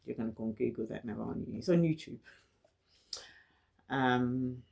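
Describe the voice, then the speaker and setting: A woman's voice: extremely low pitch, moderate pace, gravelly, a little mellow, slightly rough. A woman from London with a London accent talks candidly to camera in a personal vlog. She stutters, often repeats words and restarts her phrases, and speaks in an earnest, encouraging way. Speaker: vlogger. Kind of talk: personal reflective talk to camera.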